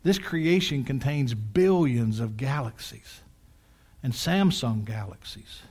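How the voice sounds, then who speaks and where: An older male pastor preaching a sermon, swinging from quiet, drawn-out lines to loud, excited peaks, with folksy asides to the congregation. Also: mid-range voice, husky. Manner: dramatic swings from hushed to shouting, folksy asides.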